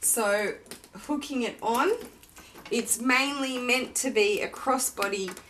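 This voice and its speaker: A woman's voice: on the high side, slow pace, fairly bright tone, a little hiss or hum. A woman vlogger unboxing a luxury handbag, talking in a gushing, effusive way about every detail.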